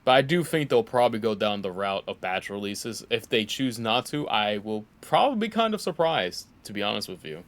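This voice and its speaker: A man streaming a video game, chatting casually and reacting excitably, swearing when surprised. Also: lowish voice, brisk, hardly any pauses. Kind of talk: casual gameplay commentary.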